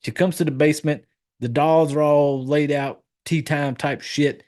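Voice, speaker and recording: Casual, profane podcast host recapping a film. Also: male voice, fairly high pitch, fairly even intonation, moderate pace, darkish tone. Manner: loose, profane, rambling with fillers and self-corrections.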